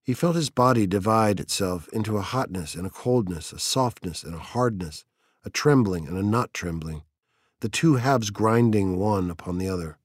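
This audiobook narration comes from a man with a lowish voice who tells the story in an even, measured way. It's a dry recording with clean studio sound.

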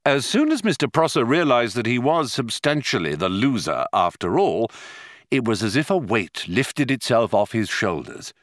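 A man narrating an audiobook with measured, dry storytelling. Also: medium pitch, very animated, no echo. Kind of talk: scripted narration.

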